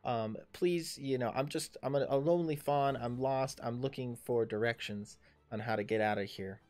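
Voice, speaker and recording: A man's voice: mid-range voice, normal speed, a little mellow, close to an everyday voice. A man voicing a lost female fawn adventurer who talks in a flustered, pleading way.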